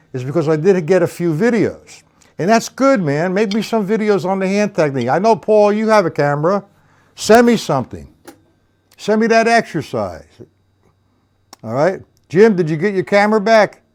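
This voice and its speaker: A man's voice: sits high, a little mellow. A man giving a live-streamed drum lesson, counting beats aloud and talking to viewers by name. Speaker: drum teacher.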